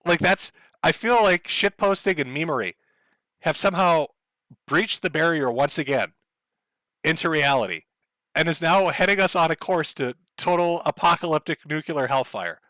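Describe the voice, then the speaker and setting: A man's voice: on the high side, moderate pace, bright, forceful tone, no echo. A man rambling sardonically through a casual livestream monologue, swearing freely and laughing often. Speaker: streamer.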